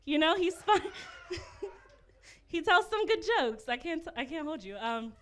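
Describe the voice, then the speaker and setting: A woman's voice: sits high, very animated, unhurried, a bit bright. A woman performing a stand-up set, chatty and self-deprecating, with giggly asides to the crowd. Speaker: stand-up comedian.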